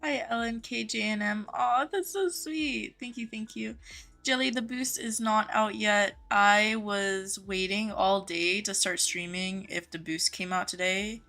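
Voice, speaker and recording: A woman's voice: mid-range voice, bright, forceful tone. A young woman live-streaming a game from her home office, reading viewer comments aloud and greeting chatters by name in a friendly, chatty way.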